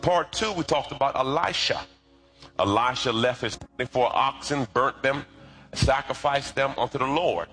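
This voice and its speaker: A man preaching a sermon as pastor, lively and colloquial, with asides to the congregation. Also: mid-range voice, moderate pace, soft background music.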